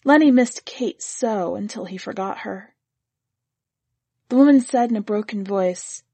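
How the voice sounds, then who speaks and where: Female narrator, measured and gently expressive, slightly husky tone, dry booth sound. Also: medium pitch, no echo. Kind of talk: scripted story reading.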